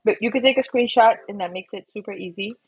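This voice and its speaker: A young woman hosting a casual live drawing stream, bubbly and excitable, chatting to viewers as she draws. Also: medium pitch, quick pace, slight background noise. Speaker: livestream doodling host. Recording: slightly muffled, faint music behind.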